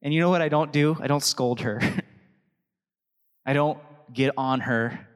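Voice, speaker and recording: A man's voice: mid-range voice, a little slow, smooth. Storytelling male pastor in a reverberant hall. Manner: conversational and anecdotal, laughing between thoughts. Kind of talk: sermon.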